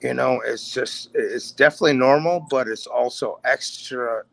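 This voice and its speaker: Gravelly laid-back man in his forties. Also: mid-range voice, moderate pace. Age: 40s. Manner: laid-back, profane, says "man" a lot. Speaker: podcast guest, bass player. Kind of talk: casual chat storytelling.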